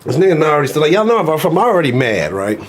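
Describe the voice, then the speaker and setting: Profane, animated male sports-show host. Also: on the high side, fast. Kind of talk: casual live-stream sports rant.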